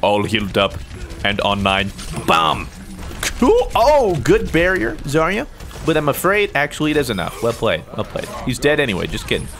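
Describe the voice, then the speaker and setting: A young man talks through his gameplay in a playful, excitable way. His pitch jumps all over the place, from low mock-serious asides to sudden high yelps. Faint game music plays softly behind him. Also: normal speed. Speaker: gaming YouTuber. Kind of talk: casual gameplay commentary.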